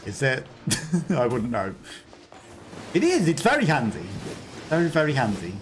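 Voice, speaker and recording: A man's voice: medium pitch, wildly swooping pitch, unhurried, a little hiss or hum. A man streaming a video game, chatting casually and laughing often. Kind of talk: casual livestream commentary.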